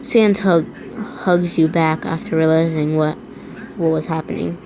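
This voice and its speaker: A woman's voice: deep voice, steady tone, a little slow, background noise. A woman reading fan fiction aloud, often stumbling over words and restarting lines. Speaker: reader.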